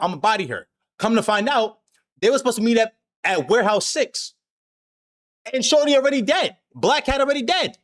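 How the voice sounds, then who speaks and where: Male stream host: high, bouncy voice, animated slangy storyteller, swears freely. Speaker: anime discussion host. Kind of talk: casual chat, recapping an anime.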